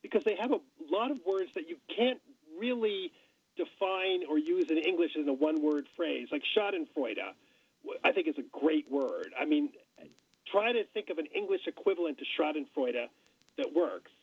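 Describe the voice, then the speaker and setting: Husky man on a phone line. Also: a little high, normal speed, no room sound. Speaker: co-author guest. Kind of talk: casual chat.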